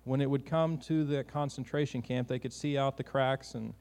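A man's voice: mid-range voice, steady tone, normal speed, darkish tone, long reverb tail. A man preaching a sermon in an earnest, conversational way, often restarting his sentences.

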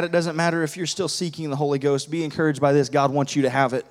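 High-voiced impassioned male preacher. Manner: pleading, builds to loud high passionate prayer. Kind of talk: sermon altar call and prayer. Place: church sanctuary.

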